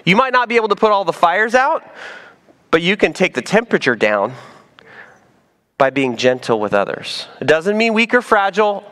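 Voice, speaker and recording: A pastor delivers his sermon with real animation, his pitch swinging widely and sitting a bit high for a man. He teases and jokes, then drops to a soft, slow emphasis on his key points. The delivery stays casual and conversational. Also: very animated.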